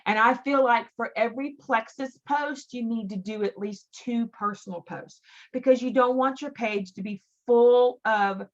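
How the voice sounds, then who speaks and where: A middle-aged woman leads a team training call with a motivational talk, speaking chattily and emphatically and often repeating words for stress. Her voice is a little high at a moderate pace, and the sound is lo-fi.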